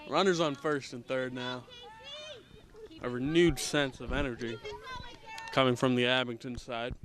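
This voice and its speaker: Man, local access softball commentary, outdoors, camera mic, jokey and self-deprecating, drops to a hushed golf-announcer voice now and then. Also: medium pitch, fairly even intonation, measured pace. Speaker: amateur sports commentator. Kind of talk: casual softball play-by-play commentary. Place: outdoors at a softball field in light rain.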